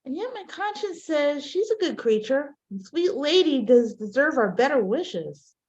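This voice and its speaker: A woman's voice: sits high, big pitch swings, a little slow, darkish tone, lo-fi sound. A woman reading the part of a dutiful courtier knight in an amateur Shakespeare reading, speaking the verse earnestly and plainly. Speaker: reader in a play reading.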